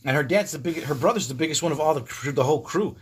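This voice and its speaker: A man in his fifties chatting casually on a livestream, telling stories in a profane, animated way with frequent laughs. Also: fairly high pitch, quick pace, husky. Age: 50s. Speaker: livestream host. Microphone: phone.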